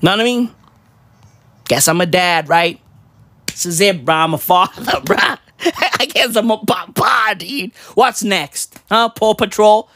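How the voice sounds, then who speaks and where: A man ranting casually, rambling in heavy slang with mock patois words, swinging between loud outbursts and low mutters. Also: a little slow, dry recording. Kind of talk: casual profane rant.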